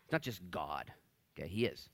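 A man preaching a casual, jokey sermon in a church. He swings from loud, excited bursts to hushed whispers. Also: low-pitched, fairly quick, gravelly. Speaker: pastor. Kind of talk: expository sermon. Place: church sanctuary.

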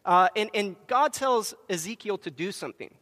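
A man preaching a Sunday sermon on a microphone, his voice notably high for a man. He tells stories with emphatic, acted-out quotes, and a long reverb trails behind him in the church. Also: lively intonation, moderate pace, bright, forceful tone. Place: church sanctuary.

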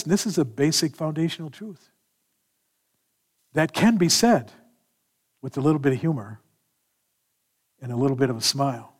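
A man preaching a sermon in an animated manner, acting out scripture dialogue as he explains verses. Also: a little high, moderate pace, pauses often, slightly rough. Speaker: pastor.

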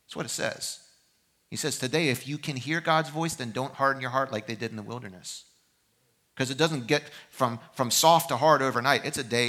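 Male pastor, sermon delivery, bright and forceful tone, middle pitch, shifts between loud urging and soft reflection. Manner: impassioned preaching that swings from loud exhortation to quiet reflection. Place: church service.

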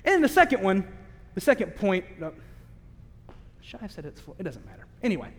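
A man preaching a sermon in a candid, conversational way, with self-aware asides and slow, emphatic stress on key phrases. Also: sits high, wildly swooping pitch. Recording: long reverb of a large hall.

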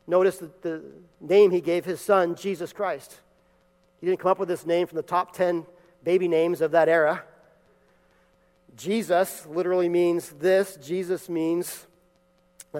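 A man's voice: high-pitched, fairly even intonation, measured pace, darkish tone, big-room sound. A man preaching a sermon in a church, reading scripture, praying and teaching with emphatic repeated phrases. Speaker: pastor. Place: church sanctuary.

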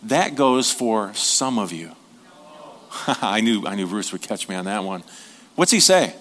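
A man's voice: mid-range voice, lively intonation, a little slow, pauses often, fairly bright tone. A middle-aged man preaching a sermon as a pastor, in a conversational, joking way, asking the congregation questions.

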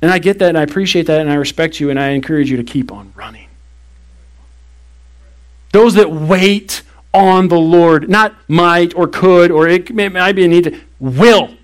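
A man with a notably high voice preaches to his church. He talks earnestly and drives his points home with slow, weighty emphasis. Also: smooth. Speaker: pastor. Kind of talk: sermon.

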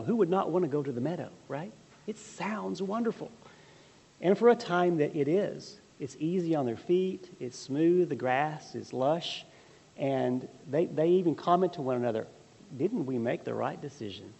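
A man's voice: medium pitch, dark tone, in a large hall. A man teaching a Bible class in a conversational way, retelling a story, asking the audience questions and adding wry asides.

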